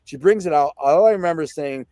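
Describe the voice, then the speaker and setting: A fast-talking, middle-aged Detroit man with a slightly high voice tells a vivid tale as a podcast guest, recorded with no room sound. Excited and animated, he acts out quotes and fills his casual speech with fillers and repeated "right?"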